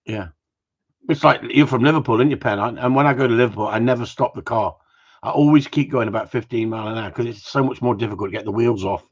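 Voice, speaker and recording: A man's voice: mid-range voice, fast, husky. A man hosting a live Q&A, bantering and teasing his viewers in a rambling, joking way. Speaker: host of a live gundog Q&A stream. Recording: dull lo-fi livestream audio.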